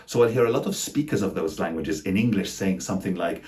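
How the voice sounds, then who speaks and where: A man teaching English pronunciation in a scripted lesson, slowly and deliberately sounding out each example word. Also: sits low, a little mellow. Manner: slow, deliberate, over-articulated example words.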